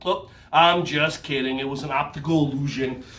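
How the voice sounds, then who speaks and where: A man leading children through a yoga stretch in a goofy, teasing, high-energy way. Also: steady tone, moderate pace, a bit bright. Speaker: kids' yoga instructor. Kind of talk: playful movement lesson for children. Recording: roomy sound from a distance with faint ambience.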